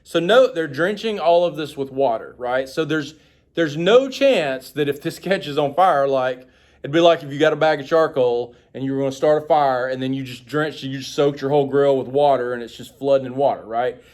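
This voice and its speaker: A man's voice: mid-range voice, normal speed, darkish tone. A man teaching a Bible study, reading passages aloud and explaining them in a casual, conversational way with frequent asides. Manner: reads quotes with raised, dramatic emphasis.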